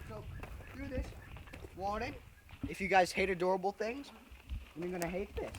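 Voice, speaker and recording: A man's voice: high-pitched, lively intonation, moderate pace, long pauses. A man giving a joking farm tour outdoors at night in a mock Australian accent, filmed while walking. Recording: noisy outdoor recording.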